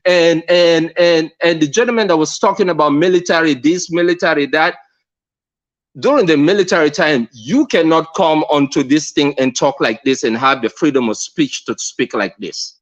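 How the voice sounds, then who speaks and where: A man from Sierra Leone with a Sierra Leonean accent, speaking earnestly and emphatically as a caller in a live discussion, repeating phrases and pausing on fillers. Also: on the high side, lo-fi sound. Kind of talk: impassioned call-in discussion.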